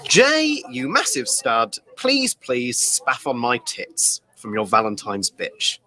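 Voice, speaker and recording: An actor playing an excitable, gullible teenage schoolboy with a British accent, eager and jokey. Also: male voice, mid-range voice, slow pace, full character voice. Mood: excited.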